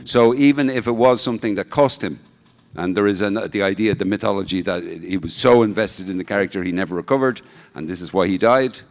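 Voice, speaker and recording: A man with a fairly low voice speaks on a discussion panel in a measured, reflective way. His words ring out with long reverb in a large hall. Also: creaky. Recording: echoey hall.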